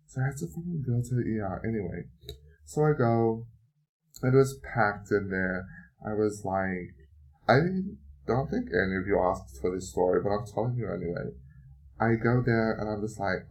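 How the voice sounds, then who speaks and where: A man hosting a podcast, telling a personal story in a casual, profane, animated way, with sudden jumps in pitch and loudness. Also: normal speed. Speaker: podcast host.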